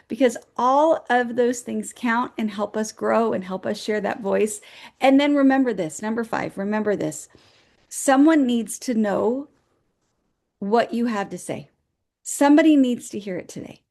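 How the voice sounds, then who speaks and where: A woman's voice: on the high side, darkish tone. A woman co-hosting a motivational show, giving upbeat, encouraging advice as numbered points. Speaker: co-host. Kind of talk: motivational talk.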